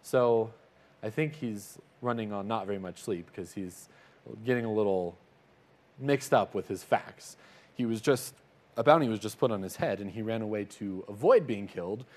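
A man's voice: on the low side, moderate pace, darkish tone. A man telling a Bible story in a casual, conversational way, slipping into little acted-out voices for the characters. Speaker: Bible teacher.

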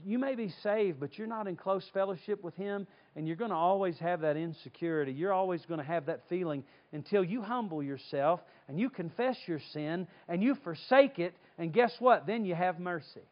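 A man from North Carolina, preaching a sermon and telling stories with lively acted-out voices. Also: high-pitched, normal speed, hardly any pauses, dull audio. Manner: animated storytelling, acts out voices. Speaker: pastor.

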